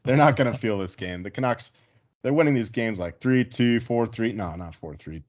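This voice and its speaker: A man's voice: mid-range voice, expressive, normal speed, lo-fi sound. A man giving casual, profane hockey betting picks in a joking, rambling way. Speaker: sports betting panelist. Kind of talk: casual sports betting chat.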